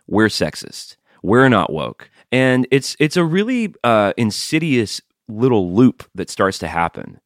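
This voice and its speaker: A man co-hosting a podcast, making a heated, argumentative case. His fairly low voice moves widely in pitch. The recording is dry and close. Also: no room sound. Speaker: podcast co-host. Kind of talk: casual podcast chat.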